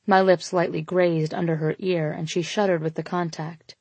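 Low-voiced woman narrating an audiobook. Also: steady tone, moderate pace, hardly any pauses, no room sound. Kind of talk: scripted first-person narration.

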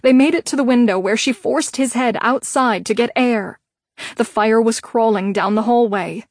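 Brief: female audiobook narrator, measured reading, slightly high pitch, dead-dry booth sound. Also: dry recording. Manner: steady, measured storytelling. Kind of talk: scripted narration.

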